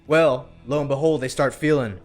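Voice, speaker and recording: Man, folksy storyteller, middle pitch, drawn-out delivery. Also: fairly even intonation, faint music behind. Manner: folksy, drawn-out, checks in with "all right?". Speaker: podcast co-host. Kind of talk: country storytelling.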